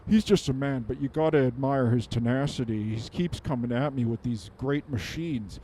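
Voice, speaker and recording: A man's voice: medium pitch, moderate pace, warm tone, slight background noise, lightly acted. A man playing a goofy adult male superhero who muses aloud in a rambling way and makes his own sound effects, in an improvised comedic monologue.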